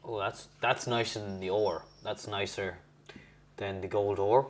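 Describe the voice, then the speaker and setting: A man's voice: lowish voice, fairly even intonation, a little slow, slight background noise. A young man chatting casually at home as he tastes and rates beers, rambling and correcting himself. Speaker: host reviewing beers. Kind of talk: casual beer-tasting vlog.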